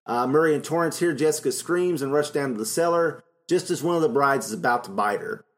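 Brisk and somewhat high-voiced, a middle-aged podcast co-host keeps the conversation casual. He runs through movie plots with plenty of laughter.

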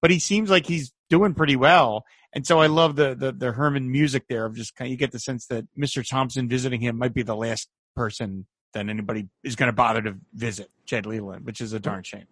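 A husky, mid-range male co-host talks fairly quickly with few pauses, chatting about an old movie on a podcast and animatedly acting out its lines in quoted voices. The studio sound is clean, with no echo.

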